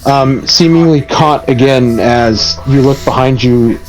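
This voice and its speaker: A man running a tabletop horror game as game master, narrating in a measured, hesitant way with frequent pauses. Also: medium pitch, low-quality recording. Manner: measured, slow, hesitant with many ums. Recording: faint music behind.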